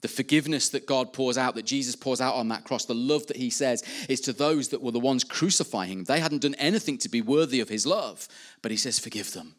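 A man's voice: medium pitch, brisk. A man preaching a sermon, earnestly rising and dropping in emphasis. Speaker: pastor.

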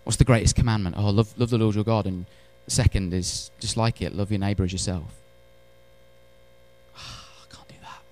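A man preaching a sermon in church, animated, swinging between loud emphatic lines and hushed ones, with wry humorous asides. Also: lowish voice, fast talker, few pauses. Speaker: pastor.

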